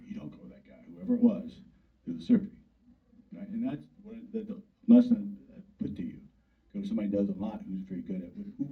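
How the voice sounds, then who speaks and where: An older man, a urologist, giving a blunt, folksy informal talk to an audience and acting out quoted conversations. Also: mid-range voice. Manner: folksy, blunt, plain-spoken, acts out quoted dialogue. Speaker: urologist speaking to a club. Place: meeting room. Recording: distant mic over a tinny phone-like line.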